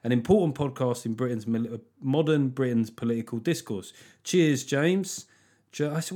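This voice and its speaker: A man's voice: mid-range voice, normal speed, mellow. A middle-aged man hosting his own podcast, chatting casually with rambling, self-deprecating jokes. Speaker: comedian and podcast host. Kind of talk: casual solo podcast chat.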